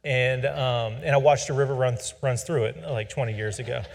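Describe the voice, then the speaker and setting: A man's voice: medium pitch, fairly even intonation, a little fast, creaky. A man in his forties telling a rambling personal story with self-deprecating humor. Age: 40s. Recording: long reverb.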